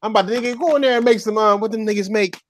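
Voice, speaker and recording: High-voiced joking man. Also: wildly swooping pitch, a little fast, crowd noise. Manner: joking, loud slang banter. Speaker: podcast co-host. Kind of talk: casual chat.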